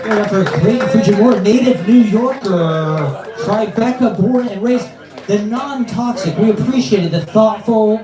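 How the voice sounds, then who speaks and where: A man hosting an open mic, hyping acts and reading the lineup with drawn-out announcing. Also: high voice, a loud crowd. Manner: drawn-out hype announcing, reads a list of names. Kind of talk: emcee introductions. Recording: echoey room, distant mic, faint music.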